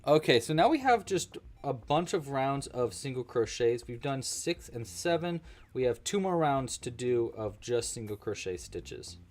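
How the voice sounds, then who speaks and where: On a livestream, a crochet instructor casually leads a crochet-along, his voice medium-pitched, sing-song and unhurried. He's chatty and playful and often talks to his cat.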